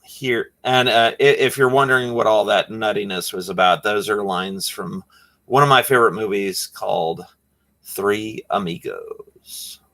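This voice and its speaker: A man's voice: fairly low pitch, moderate pace, pushed and bright. A man chatting casually on a live stream while he draws, rambling with lots of fillers.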